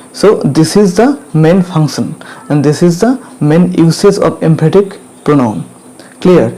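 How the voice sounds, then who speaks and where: A man with an Indian English accent teaching English grammar, repeating each point and asking "clear?" to check understanding. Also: high voice, dark tone, poor audio. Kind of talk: slow classroom explanation.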